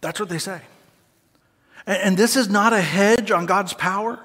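A man preaching a sermon as pastor, conversational and animated, with playful asides to the congregation. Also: sits high, normal speed, pauses often. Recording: long hall reverb.

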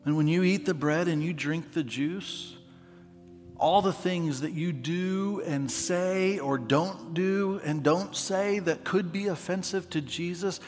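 A man preaching as a pastor, earnest and emphatic, sometimes dropping to a soft, quiet voice for prayer, in a large church hall with a balcony. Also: sits high, slow, faint music behind. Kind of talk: sermon. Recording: long hall reverb.

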